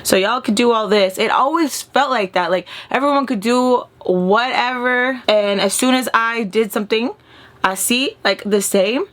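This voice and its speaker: A young woman with a raspy voice, chatting casually and animatedly in a storytime vlog, recorded inside a parked RV. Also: a little high, normal speed. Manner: chatty, animated, swears freely. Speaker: YouTuber telling a story. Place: inside a parked RV with a fan running.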